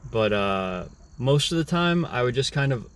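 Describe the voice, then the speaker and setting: A man's voice: medium pitch, animated, moderate pace, fairly bright tone. A young man talking through a casual, rambling reflective monologue, often restarting his words. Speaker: vlogger.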